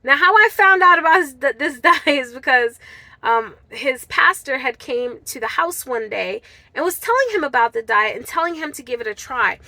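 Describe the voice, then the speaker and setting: A woman's voice: high-pitched, animated, normal speed, bright, forceful tone, no room sound. A woman vlogger telling a personal story to camera in an earnest, heartfelt way, speaking straight to her viewers. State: tearful at times.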